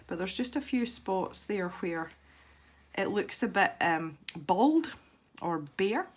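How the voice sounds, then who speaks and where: A woman's voice: mid-range voice, expressive, slow pace. A Scottish woman from Scotland, chatting casually while demonstrating an art technique for her channel, rambling and laughing easily. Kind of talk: casual tutorial chat while colouring.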